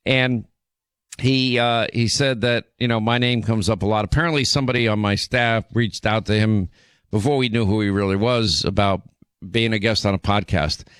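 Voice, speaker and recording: A man's voice: lowish voice, steady tone, normal speed, a bit bright, clear, resonant tone, no echo. A man hosting a radio and podcast show, talking in an indignant, emphatic way with many restarts. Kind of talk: talk radio commentary. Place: radio studio.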